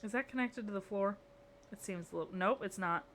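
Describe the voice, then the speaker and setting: A woman's voice: mid-range voice, a little fast, fairly bright tone, a little hiss or hum. A woman streamer chatting casually with her viewers and talking to herself as she builds in a game, playful and rambling. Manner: chatty, talks to herself and chat, playful muttering.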